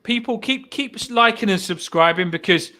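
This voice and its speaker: A man's voice: high voice, normal speed, pushed and bright. A man co-hosting a casual fan chat, talking in an earnest, upbeat and repetitive way. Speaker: co-host of fan channel.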